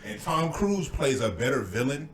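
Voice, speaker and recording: A man co-hosting a podcast, chatting casually in an excitable, stammering way. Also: mid-range voice, moderate pace, a crowd in the background. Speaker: podcast co-host. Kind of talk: casual chat.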